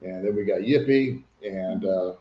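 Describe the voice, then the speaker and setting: A man's voice: low voice, measured pace. An older man hosting a casual livestream, chatting and reading viewer comments aloud. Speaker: livestream host. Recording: echoey room, dull lo-fi sound.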